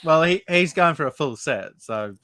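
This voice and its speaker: Australian man, podcast host, bright voice, matter-of-fact. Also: on the high side, animated, normal speed. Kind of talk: casual chat.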